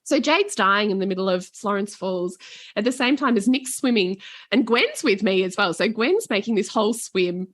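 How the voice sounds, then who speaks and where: A woman in her forties with an Australian accent, a podcast guest telling family travel stories in a lively, casual way, swearing freely. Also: mid-range voice, normal speed, dry recording, studio quality. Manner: animated, swears casually, laughs often. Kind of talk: casual storytelling.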